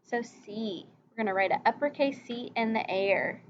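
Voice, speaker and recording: A woman teacher giving a recorded reading lesson, slowly modeling vocabulary words and letter sounds for young children and their parents. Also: fairly high pitch, lo-fi sound, background noise.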